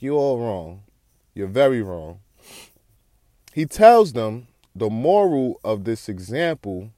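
A man's voice: medium pitch, darkish tone, no room sound. Rambling man telling a story, dry close mic. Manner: loose, rambling, self-correcting, jokey asides. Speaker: solo podcaster. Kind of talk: casual storytelling monologue.

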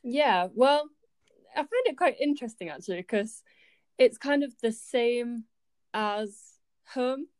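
A woman's voice: fairly high pitch, animated, slow pace, a little mellow, dry recording, clean studio sound. A woman in her twenties from Yorkshire, a student chatting as an interview guest, with frequent ums and easy laughter. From Yorkshire, England. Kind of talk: casual interview chat.

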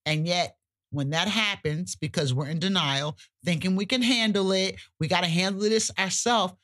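A woman co-hosting a podcast, talking emphatically and colloquially, sometimes cussing, her pitch jumping high when she gets worked up. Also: normal speed, fairly bright tone. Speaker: podcast co-host. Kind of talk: casual podcast chat.

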